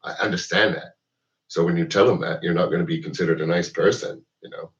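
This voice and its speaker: A deep-voiced man rambles through a political rant, filling gaps with "like" and swearing freely. He sits back from the mic, and the sound is distant and muffled. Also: steady tone, a little fast. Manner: rambling, profane, heavy with "like" and "you know". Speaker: host.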